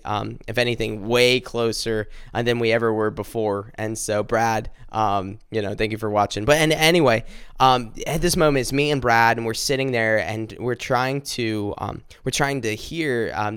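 A man earnestly telling a personal faith testimony, halting and restarting as he speaks directly to his listeners. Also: fairly low pitch, fairly bright tone, smooth, dry recording, studio quality.

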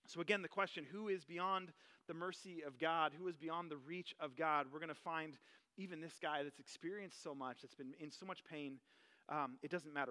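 A man's voice: high voice, pushed and bright. A man preaching a sermon in a loose, conversational way, with many fillers and asides. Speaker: pastor. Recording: long hall reverb.

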